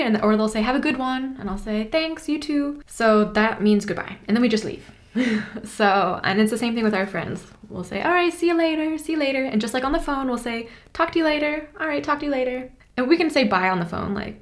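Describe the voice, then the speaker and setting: Brief: young woman, Californian American accent, chatty vlogger tone, acts out quotes. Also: mid-range voice. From United States. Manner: chatty, laughs often, acts out little quoted exchanges. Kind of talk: casual chat to camera.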